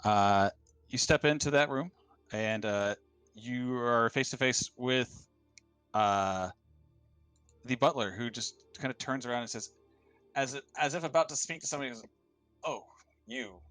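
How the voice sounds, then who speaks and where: A man's voice: mid-range voice, unhurried, pauses often, fairly bright tone, clear, resonant tone, no echo, faint music behind. Hesitant man running a tabletop game. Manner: hesitant, many fillers and restarts. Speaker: game master.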